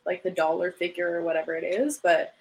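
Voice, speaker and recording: A woman's voice: on the low side, fairly even intonation, brisk, a little hiss or hum, low-quality recording. A young woman co-hosting a podcast, telling stories in a chatty way and laughing often. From Canada. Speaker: podcast co-host. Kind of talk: casual chat.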